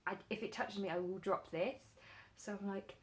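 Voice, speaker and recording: A woman beauty vlogger chatting casually while doing her makeup, telling an animated story full of fillers. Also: mid-range voice, moderate pace.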